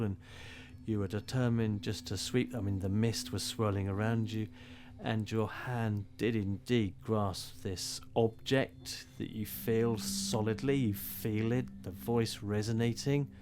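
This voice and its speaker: A man narrating a tabletop horror game as game master, describing scenes at a measured pace. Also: fairly low pitch, darkish tone. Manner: descriptive, slow when setting a scene.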